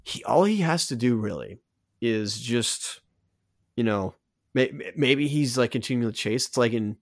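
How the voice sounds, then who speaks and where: A man's voice: medium pitch, expressive, measured pace, dry recording, clean studio sound. A man co-hosting a podcast, casually breaking down a cartoon scene by scene in a rambling way, with many restarts and fillers. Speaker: podcast co-host.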